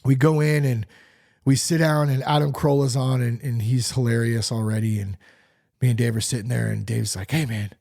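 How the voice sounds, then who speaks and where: A man's voice: medium pitch, fairly even intonation, a little fast, vocal fry, a little mellow. A man hosting a casual solo podcast, talking loosely with lots of fillers and some swearing. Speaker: podcast host.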